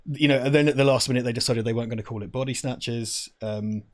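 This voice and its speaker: A man's voice: medium pitch, fairly even intonation, fast. A man co-hosting a film watch-party stream, talking in a rambling, self-interrupting, laughing way. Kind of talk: casual chat. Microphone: lavalier.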